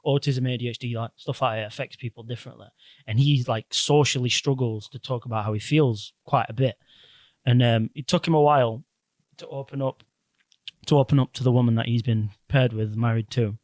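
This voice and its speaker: A man's voice: medium pitch, brisk, no room sound. A young man, casually retelling a story on a podcast, swearing freely and acting out the quotes. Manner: animated storytelling, swears a lot, acts out quotes. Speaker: podcast host. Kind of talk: casual chat.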